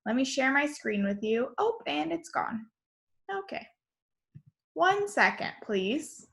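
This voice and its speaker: A woman teacher leads a remote lesson for young kids from home, her voice high and bright. She talks slowly and clearly, upbeat and encouraging throughout, through a simple computer mic. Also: very animated.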